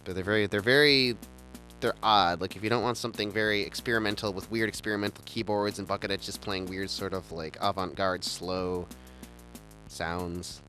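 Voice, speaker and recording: A man's voice: sits low, steady tone, moderate pace, pushed and bright, faint music behind. A man hosting a casual chat, rambling enthusiastically with many stumbling restarts. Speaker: show host.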